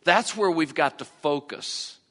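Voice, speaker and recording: A man's voice: on the high side, animated, a little slow, a bit bright. A man preaching a sermon as pastor, repeating phrases for emphasis. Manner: preaching with repetition and rising emphasis. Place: church sanctuary. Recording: long church-hall reverb.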